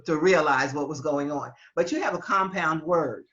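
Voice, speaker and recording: A woman teaching Spanish in an online class, explaining patiently with halting restarts over a video call. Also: deep voice, fairly bright tone, highs cut off.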